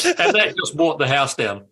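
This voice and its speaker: An older man tells stories from his political career as a guest on a radio show. His voice is bright and forceful, and he is lively and quick to restart his sentences. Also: medium pitch. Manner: lively storyteller, repeats words at starts. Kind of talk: anecdotal interview chat.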